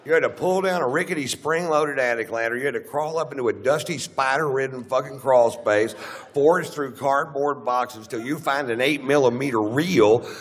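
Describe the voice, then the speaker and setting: A man's voice: medium pitch, normal speed, slightly rough. A middle-aged man with a Texan accent doing a crude, rambling stand-up routine on a theater stage, acting out quotes as he goes. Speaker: stand-up comedian. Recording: live theater with long reverb, faint hum.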